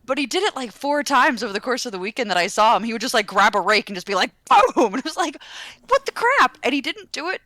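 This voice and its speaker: A woman's voice: on the high side, expressive, quick pace, few pauses, sharp tone, no room sound. A young adult woman chatting casually on a podcast, laughing as she tells stories. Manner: laughing storyteller. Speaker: podcast co-host. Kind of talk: casual chat.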